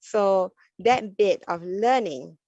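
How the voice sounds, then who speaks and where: A woman's voice: mid-range voice, slow, darkish tone, dry recording. A woman speech therapist giving an educational talk. She explains step by step and often checks in with "okay?" or "all right?". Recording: dull lo-fi dry recording.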